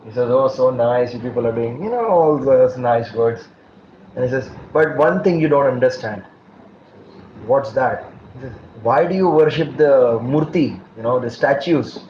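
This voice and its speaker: A man's voice: mid-range voice, animated, normal speed. A man giving a scripture class as a preacher, telling stories and acting out the dialogue, laughing now and then. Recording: dull roomy recording with faint noise.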